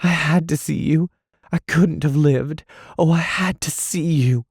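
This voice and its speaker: A man reading an audiobook voices a lovesick young woman who speaks in a breathy, pleading, tremulous way. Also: fairly high pitch, measured pace, no echo, clean studio sound, voice pushed up.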